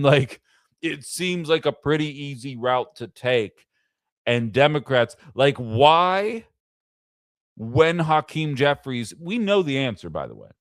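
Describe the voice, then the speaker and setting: A man hosts a live political commentary stream and argues with conviction, piling up pointed rhetorical questions. His voice is smooth and crisp. The sound is dry and close to the mic, with little room around it. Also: mid-range voice, no room sound. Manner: impassioned, fires off rhetorical questions. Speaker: host of a political commentary show.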